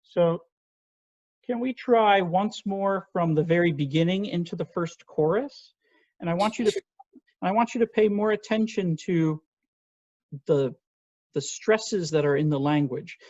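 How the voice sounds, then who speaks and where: A man's voice: high voice, a little slow, long pauses, a little mellow, dry recording. A man teaching an online voice lesson, patiently explaining technique and singing short phrases to demonstrate. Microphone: video call. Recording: dull, lo-fi video call audio.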